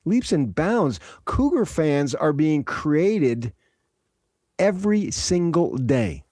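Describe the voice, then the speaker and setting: A man's voice: on the high side, slow pace, no room sound, clean studio sound. A man from New Jersey hosting sports radio, joking and riffing in casual talk. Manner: joking, animated, riffing with laughs.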